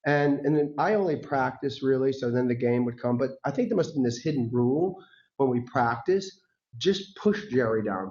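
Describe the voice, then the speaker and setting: A man giving a talk as a guest speaker, telling personal stories in a lively way, acting out the voices of people he quotes and laughing often. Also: medium pitch. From United States. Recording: dull lo-fi recording.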